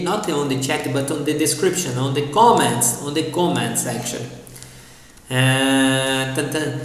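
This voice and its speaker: Brazilian guy teaching a language class online, slow and patient, lots of room echo. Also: high-pitched, a bit bright. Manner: patient, repeats words slowly for practice. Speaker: Portuguese teacher. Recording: very echoey room with long reverb.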